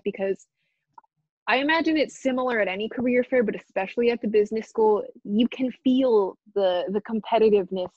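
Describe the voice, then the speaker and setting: A woman's voice: a little high, brisk, warm tone, dry recording, dull audio. A young woman guest on a podcast, telling a rambling, self-deprecating story in casual chat. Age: young adult.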